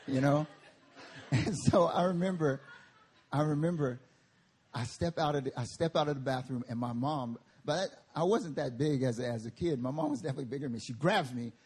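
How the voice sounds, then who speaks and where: A male pastor preaching a sermon at a church service, telling animated stories and laughing through them. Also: medium pitch, brisk, breathy edge.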